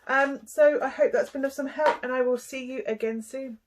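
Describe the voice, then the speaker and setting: A young woman giving a casual tarot reading, chatty and animated, with frequent sighs and small gasps. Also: sits high, normal speed, slight background noise. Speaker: tarot reader.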